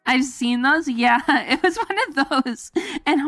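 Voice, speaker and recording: A young-sounding woman streamer rambles through a casual chat with her viewers, full of fillers and giggles. She keeps breaking into silly voices to act out her stories, and her voice sits close and dry with soft music behind it. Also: high voice, measured pace, dry recording. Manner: rambling, filler-heavy, giggly, jumps into goofy quoted voices. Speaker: VTuber streamer. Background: faint background music.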